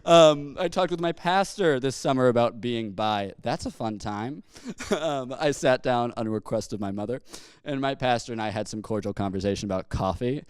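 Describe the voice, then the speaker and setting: A man's voice: medium pitch, normal speed, smooth, dry recording, studio quality. A young man performing a stand-up comedy set on stage into a handheld mic, telling rambling stories that keep interrupting themselves. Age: young adult. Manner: rambling, self-interrupting storytelling.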